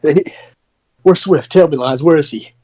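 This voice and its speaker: Slightly high-voiced man, volatile wrestler promo, forced calm and cursing. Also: moderate pace, slight background noise. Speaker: wrestler persona in a press conference roleplay.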